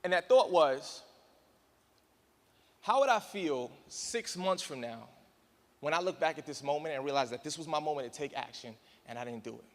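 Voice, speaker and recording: A man giving an animated motivational speech to an audience, acting out the voices in his story and calling the crowd y'all. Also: on the high side, normal speed, in a large hall. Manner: dramatic, acts out voices and screams, addresses crowd as y'all. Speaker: motivational speaker. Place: large hall in front of an audience.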